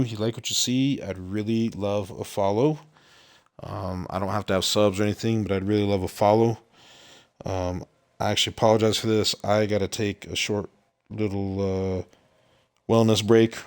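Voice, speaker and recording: A man casually commenting on his own gameplay as a streamer, rambling and relaxed, with many ums and uhs. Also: lowish voice, normal speed.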